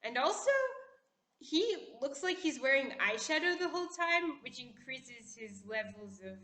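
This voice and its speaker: A woman vlogger chatting casually, putting on a poised, classy-sounding voice and talking in an opinionated, animated way. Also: high voice, measured pace, creaky. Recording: echoey room.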